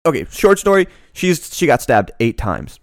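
A man's voice: mid-range voice, wildly swooping pitch, normal speed, faint music behind. A young man co-hosting a podcast in casual chat, telling a story with acted-out quotes and casual swearing. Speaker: podcast co-host.

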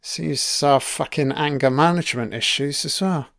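A man's voice: on the high side, moderate pace, gravelly, fairly bright tone, no echo, clean studio sound. A man giving a casual, profane commentary while watching a TV series, chatty and reacting as he goes. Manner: sweary, chatty, reacting to the screen.

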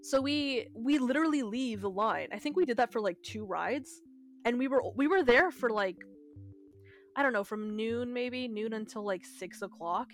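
High-voiced young woman, animated swearing storyteller. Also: normal speed, soft background music. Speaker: podcast co-host. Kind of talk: casual storytelling chat.

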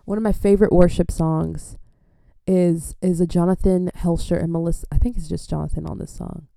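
A woman giving a casual sermon from home into a microphone, telling her testimony in a rambling, animated way full of fillers. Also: fairly low pitch, a little fast, creaky, dry recording, clean studio sound. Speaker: preacher sharing testimony. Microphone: studio microphone.

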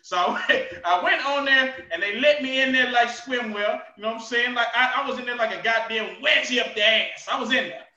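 A man with a very high, sharp voice rants profanely in a loose podcast chat. He breaks into shouts and bursts of laughter. The recording sounds distant and dull, with a roomy echo. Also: a little fast. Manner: loud, profane ranting with shouted outbursts and laughter. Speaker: podcast co-host. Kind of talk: casual chat.

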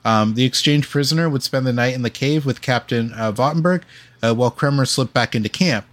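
A man's voice: mid-range voice, brisk. A man co-hosting a casual history podcast, reading from his notes with frequent ums and uhs. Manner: reads facts with many ums and uhs. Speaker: podcast co-host.

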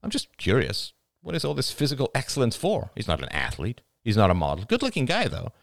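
A man's voice: medium pitch, wildly swooping pitch, brisk, vocal fry, no room sound, studio quality, voice pushed up. A man voicing a frank, intense young father in an audiobook, blunt and exasperated.

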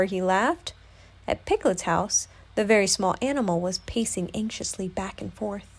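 A woman, a mother, reading a storybook aloud to her child at home in an expressive way. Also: medium pitch, normal speed.

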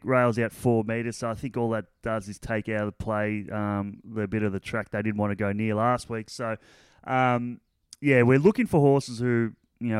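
A man analysing horse races in a relaxed, casual way, full of fillers. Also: on the low side, smooth, no room sound. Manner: relaxed, lots of fillers like "you know" and "um". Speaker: racing analyst.

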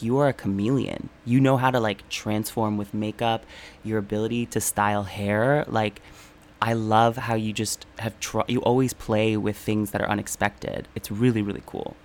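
A man's voice: fairly low pitch, steady tone, normal speed. A man co-hosting a podcast, chatting casually and enthusiastically with the guest. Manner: gushing, enthusiastic. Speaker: podcast co-host.

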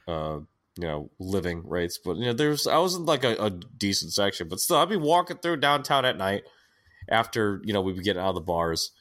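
A man's voice: low voice, a bit bright. A young man co-hosting a podcast in casual chat, rambling and laughing at himself. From United States. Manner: rambling, self-mocking, laughs often. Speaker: podcast co-host.

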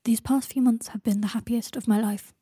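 A woman's voice: on the high side, steady tone, a little fast, mellow, breathy edge, no echo, clean studio sound. A woman voicing a sardonic, dramatic young wizard who is dying. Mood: tender.

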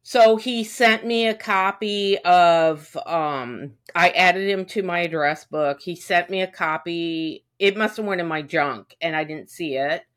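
A woman with a fairly low voice chats casually with a friend, venting about her week. She swears freely and acts out every exchange. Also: measured pace, few pauses, a bit bright. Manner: venting, profane, acts out quotes. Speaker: podcast co-host. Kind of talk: casual chat.

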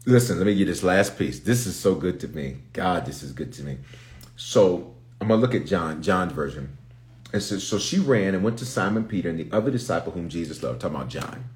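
A man's voice: deep voice, animated, a little fast, darkish tone. A man, a bishop, teaching from the Bible in an impromptu live stream, emphatic and repetitive, pleading with listeners to pay attention as he builds in intensity.

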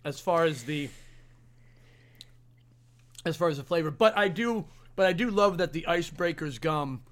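A man's voice: on the high side, moderate pace, fairly bright tone. A man co-hosting a podcast, chatting enthusiastically and stumbling through many restarts. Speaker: podcast co-host. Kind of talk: casual chat.

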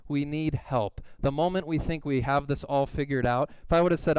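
Male pastor, mid pitch, smooth and resonant, close dry mic, lively storyteller. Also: a little fast, few pauses, no echo. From California. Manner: animated storytelling, acts out quoted voices. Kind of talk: sermon with personal story.

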